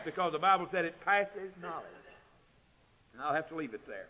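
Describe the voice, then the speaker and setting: A man preaches in a high voice, building phrase by phrase to loud, ringing peaks before sinking back to a low, quiet tone. The recording sounds dull and lo-fi, like an old tape of a church service. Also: animated, fairly quick, long pauses. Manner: swells to loud, ringing climaxes, then drops low and quiet. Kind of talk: sermon.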